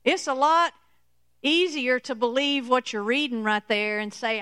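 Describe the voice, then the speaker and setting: A woman preaching a sermon in a slow, emphatic teaching manner, often checking in with "okay?". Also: high voice, bright, forceful tone, smooth, dry recording.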